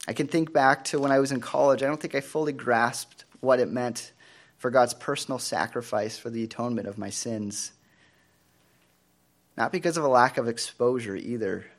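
A man of medium pitch preaches a sermon earnestly and in a measured way, putting rhetorical questions to the congregation.

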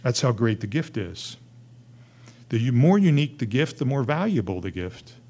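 A man preaching a sermon as pastor, earnest, building to emphatic high points and dropping to soft, hushed lines. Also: very animated, moderate pace.

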